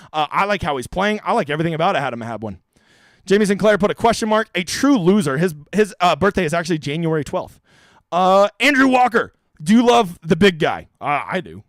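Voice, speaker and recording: A man's voice: sits high, a bit bright, no room sound. A young man hosting a live stream, answering chat questions with brash, jokey, crude banter. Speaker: fantasy golf streamer.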